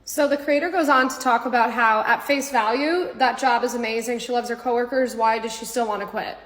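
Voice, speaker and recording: Casual: twenty-something woman going on passionately, fairly high voice, really echoey room. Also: steady tone, brisk, a bit bright. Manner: passionate, preachy explaining. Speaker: content creator responding to a video. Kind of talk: earnest commentary. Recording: echoey room with long reverb.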